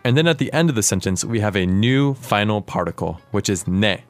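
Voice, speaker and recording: A man hosting a podcast language lesson, explaining words clearly and asking his co-host questions. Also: fairly low pitch, animated, a little fast, faint music behind.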